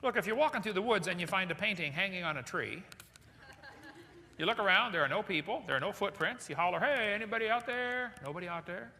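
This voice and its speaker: A man giving a lively seminar lecture to a live audience, firing questions at the crowd. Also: high voice, quick pace, gravelly. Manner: animated, asks the audience questions. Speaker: creationist speaker. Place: large hall with audience. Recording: echoey hall recording.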